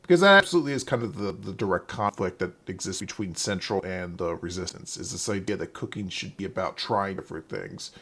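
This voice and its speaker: A man's voice: low voice, expressive, quick pace, few pauses, a bit bright, slightly rough. A man co-hosting a podcast in casual chat, talking things through thoughtfully and often repeating words as he thinks. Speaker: podcast co-host.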